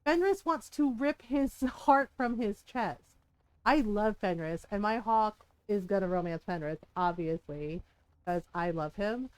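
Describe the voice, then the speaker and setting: A woman's voice: medium pitch, lively intonation, measured pace, darkish tone, clean tone. A woman game streamer in casual livestream chat, ranting heatedly, swearing often and breaking into laughs.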